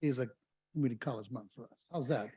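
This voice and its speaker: Fast-talking man giving a report, dry sound. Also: medium pitch, warm tone, husky, dry recording. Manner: brisk, many "uh" fillers. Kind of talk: presenting a report at a board meeting.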